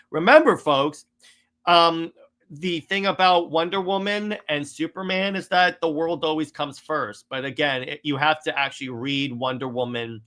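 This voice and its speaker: Guy ranting about comics, kinda high bright voice, keeps restarting sentences. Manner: exasperated, rambling with frequent restarts. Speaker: comics critic. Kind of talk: casual critique commentary.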